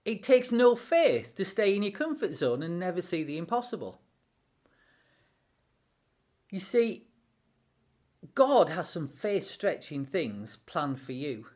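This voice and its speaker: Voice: medium pitch, sing-song, a little slow, a little mellow. A devotional speaker giving an encouraging sermon-style talk, acting out quotes with animation.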